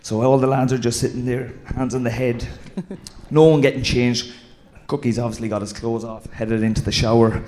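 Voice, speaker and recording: An Irish man, a former player and guest at a live podcast show, tells stories in a mid-pitched voice. He swears freely in casual, rambling speech. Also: fairly even intonation, moderate pace, a little mellow. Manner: swearing, anecdotal, mimics the old manager.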